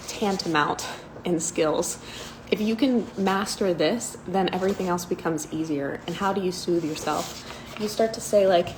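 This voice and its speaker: A woman giving a casual self-help talk, candid and profane, with playful asides and soft, soothing self-talk. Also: lowish voice, a little hiss or hum, rough recording.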